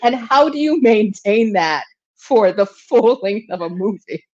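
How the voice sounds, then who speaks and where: A woman hosting an interview, chatty and quick to laugh as she asks her questions. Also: medium pitch, expressive, a little mellow, lo-fi sound. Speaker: host. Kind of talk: casual interview chat.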